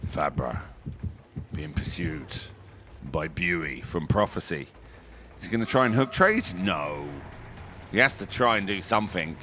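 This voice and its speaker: Man, fairly low voice, live match commentator, jokey, excitable outbursts. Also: a little slow, slight background noise. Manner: chatty, jokey, bursts into excited high exclamations. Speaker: esports commentator.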